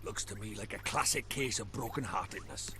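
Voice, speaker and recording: A man's voice: fairly low pitch, brisk, over music, lightly acted. An actor with a Welsh accent voicing a cheeky, chatty little male fairy sidekick in a video game, brash and impatient. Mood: explaining.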